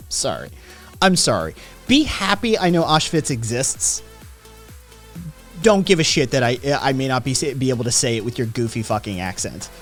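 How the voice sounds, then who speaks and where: A man hosts a casual home livestream, reading numbers and viewer messages in an ordinary mid-pitched voice and breaking in with sardonic, swearing asides. Faint music plays quietly behind him. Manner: profane, sardonic, reacts aloud while reading statistics. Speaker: livestream host reading chat.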